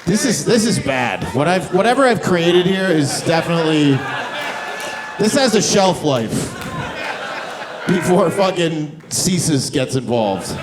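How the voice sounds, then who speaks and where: Brash profane stand-up man, lively pitch. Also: a little slow. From Canada. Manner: brash, profane, shifts into mocking voices. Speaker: stand-up comedian. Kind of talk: stand-up comedy with crowd work. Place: comedy club stage with live audience. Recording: live club recording with loud crowd and noise. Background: audience laughter and cheering.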